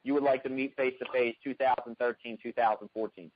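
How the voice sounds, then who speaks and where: A man hosting a radio interview, asking long, halting questions full of restarts. His voice sits in a middle range, and the sound is dry and dull with a lo-fi edge. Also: mid-range voice, fairly even intonation, no room sound. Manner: chatty, halting, many restarts. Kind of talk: casual interview.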